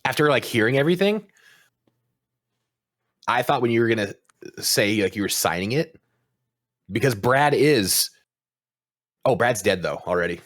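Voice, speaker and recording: A man's voice: mid-range voice, animated, moderate pace, long pauses, fairly bright tone. A young man co-hosting a podcast, reacting and joking in casual chat. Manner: reactive, swears, jokes back. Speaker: podcast co-host.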